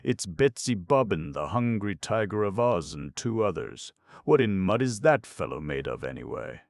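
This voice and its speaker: A man voicing a fussy, excitable male gnome king who bursts into shrill, indignant shouts. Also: moderate pace, no echo, studio quality. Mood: excited.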